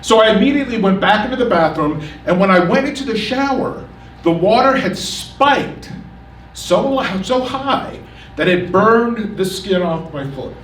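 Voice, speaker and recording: A man telling a comic personal story on stage and acting out the quotes with lively energy. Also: high-pitched, normal speed, a little hiss or hum. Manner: animated, comic, acts out the quotes. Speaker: storyteller at a community story event. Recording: echoey room, picked up from a distance.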